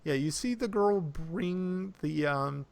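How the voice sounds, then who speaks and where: Tabletop game master, male, gravelly and hesitant, rambling narration. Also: on the high side, animated, slow. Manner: hesitant, many fillers and restarts.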